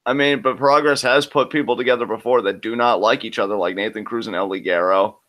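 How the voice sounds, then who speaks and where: A man's voice: medium pitch, fast talker, a bit bright. A man co-hosting a live reaction show, breaking down what he watches and making predictions with many "I mean"s. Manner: analytical, talks through predictions with many "I mean"s. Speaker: co-host of a wrestling reaction show.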